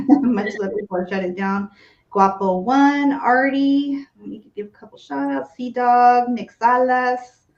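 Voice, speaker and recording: A woman hosting a casual livestream chat, giving quick shout-outs to viewers. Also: a little high. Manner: gives quick shout-outs, short backchannel replies. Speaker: host. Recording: dull, roomy sound.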